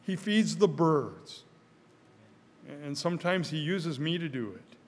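Older male preacher, high voice, earnest sermon, stutters on first words, long church reverb. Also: animated, slow pace. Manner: earnest, repeats his words, rises in pitch and volume when stirred. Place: church sanctuary.

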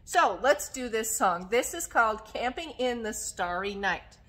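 Woman, children's librarian, story time, sing-song, slow, slightly high voice. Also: animated, a bit bright. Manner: coughs now and then. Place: public library.

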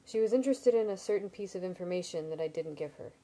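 A woman's voice: fairly low pitch, lively intonation, quick pace, mellow. A woman voicing a young man, the hero of a story, earnest and a little defensive as she reads it aloud. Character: hot-headed young man, story's first-person hero.

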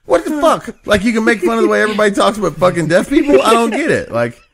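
A man with a slightly high, very lively voice tells a crude story on a podcast. He rambles from one thought to the next, swears freely and laughs through his own punchlines. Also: fast talker, creaky. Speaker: podcast host. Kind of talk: casual chat, crude storytelling.

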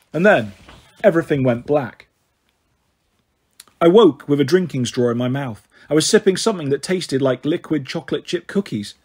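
A man narrating an audiobook in the first person, with steady, quick storytelling. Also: fairly high pitch, breathy edge. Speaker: audiobook reader.

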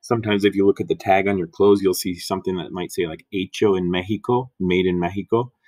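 A man's voice: deep voice, fairly even intonation, fast talker, darkish tone. A man teaching Spanish grammar in a recorded lesson, patiently repeating and spelling out examples.

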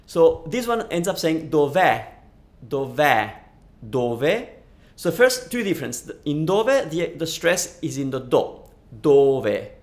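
A man's voice: a little high, gravelly. A man teaching a language lesson on a live stream, chatting and answering viewers' questions at a studio microphone. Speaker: Italian teacher.

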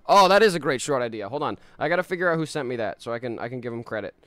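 A man's voice: medium pitch, lively intonation, very fast, pushed and bright, no room sound. Chatty, laughing male streamer. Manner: chatty, laughs often, reads chat aloud. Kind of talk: casual live-stream chat while gaming.

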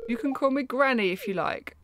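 A woman's voice: sits high, brisk, background noise, voice pushed up, natural voice. A woman putting on a sweet, welcoming old granny with a raised, cooing voice. She sounds kindly and eager.

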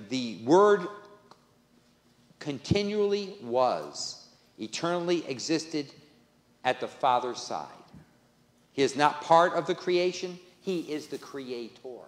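A male pastor preaching a sermon, stressing key phrases by repeating them. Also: fairly high pitch. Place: church sanctuary. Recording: echoey church with long reverb.

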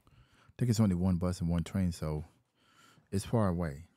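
Male vlogger, very low and mellow voice, repetitive complaining delivery. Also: moderate pace, no room sound, clean studio sound. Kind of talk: casual rant.

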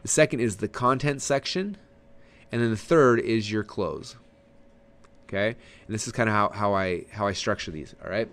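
A man teaching a recorded webinar with an energetic, animated delivery, leaning forward and gesturing as he explains. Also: lowish voice, moderate pace. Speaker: marketing trainer.

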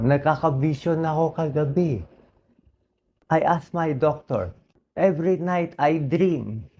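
A middle-aged Filipino man, a doctor, speaking hoarsely in a slow and earnest personal appeal that mixes English with Filipino. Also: medium pitch, darkish tone, dull audio, slight background noise. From Philippines.

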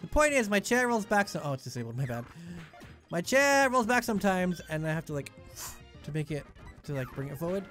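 A man's voice: high voice, sing-song, fairly quick, a bit bright, faint music behind. A young man giving rambling, jokey commentary while he plays a video game. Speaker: let's play gamer. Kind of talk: casual gameplay commentary.

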